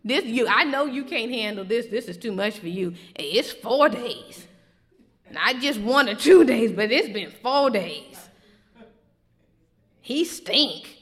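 A woman preacher voicing an exasperated adult male Jesus who scolds the doubters in a sassy, loud, rapid-fire way. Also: a little high, animated. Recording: long hall reverb.

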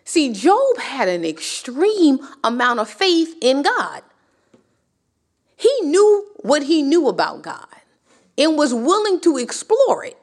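A woman's voice: high voice, huge pitch swings, slow pace. A woman teaching a sermon in a conversational style, with rhetorical questions and passionate rises that climb to near cries. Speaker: Bible teacher.

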